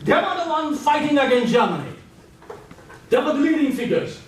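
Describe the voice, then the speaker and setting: Animated man quizzing a lecture class. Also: extremely high pitch, fairly quick. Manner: animated, quizzing students, laughing asides. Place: large echoey lecture room. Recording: echoey classroom from far off, faint hiss.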